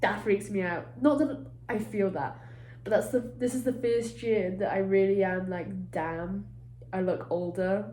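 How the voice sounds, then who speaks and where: A woman's voice: mid-range voice, moderate pace, warm tone. A young woman with a British accent vlogging from a resort hotel room, rambling and self-mocking, sounding congested. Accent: British English. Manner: chatty, self-mocking, swears casually. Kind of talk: casual rambling vlog talk. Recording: echoey room with faint ambience.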